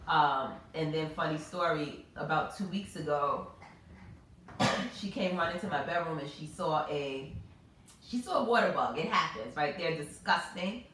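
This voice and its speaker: A woman in her thirties hosts a casual chat, telling stories with animated expression. Her voice sits a little low. She is picked up by a far-off mic in a strongly echoing room. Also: unhurried, slight background noise. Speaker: host.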